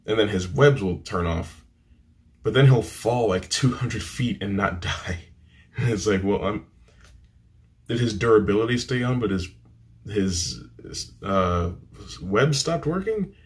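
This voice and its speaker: Low-voiced rambling man reviewing a film. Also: unhurried, pauses often. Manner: rambling, dismissive, full of fillers and restarts. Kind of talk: casual chat. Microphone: camera mic.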